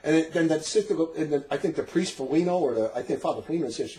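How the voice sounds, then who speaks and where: A middle-aged man with a rather high voice tells a story in casual conversation. He is animated and laughs often. He slips into the voices of the people in his tale. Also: fast talker, low-quality recording. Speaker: storyteller in a religious talk recording.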